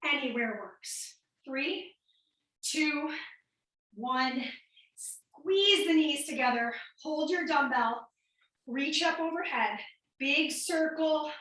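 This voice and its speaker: Breathy, bright-voiced woman leading a workout. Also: high-pitched. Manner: upbeat counting cues, coaching while exercising. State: a little out of breath. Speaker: fitness instructor. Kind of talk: workout class instruction. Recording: echoey room, mic at a distance.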